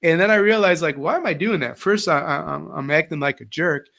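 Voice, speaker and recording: Animated former-teacher guest, middle-aged man, pitched a touch high. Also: fairly quick, gravelly. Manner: animated, acts out quoted voices. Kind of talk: casual interview storytelling.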